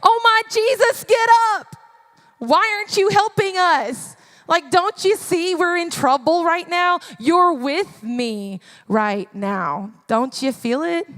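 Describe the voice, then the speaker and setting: A woman voicing panicking male disciples caught in a storm, pleading in a shrill outburst, in a church hall with long reverb. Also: lively intonation, very slow, hardly any pauses, fairly bright tone, heavily acted. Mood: frantic.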